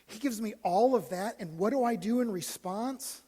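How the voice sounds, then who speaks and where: A male pastor telling a story in a sermon, moving from hushed, almost whispered lines to loud, animated ones. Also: high voice, normal speed. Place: church sanctuary. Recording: long church hall reverb.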